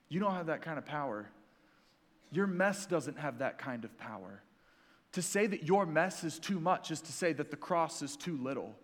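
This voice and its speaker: A young adult man preaching a sermon as a pastor, energetic and joking with the congregation. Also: on the high side, in a large hall.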